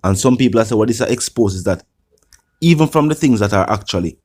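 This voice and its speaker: A man hosting a news channel, giving measured conversational commentary. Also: on the low side, animated, darkish tone.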